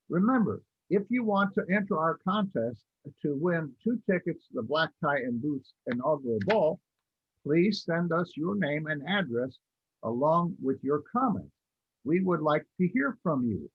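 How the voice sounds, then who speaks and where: A man co-hosting a scripted talk show, effusive in manner and spelling out addresses slowly. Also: on the high side, big pitch swings, breathy edge, dry recording. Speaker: co-host. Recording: dull lo-fi recording, dry.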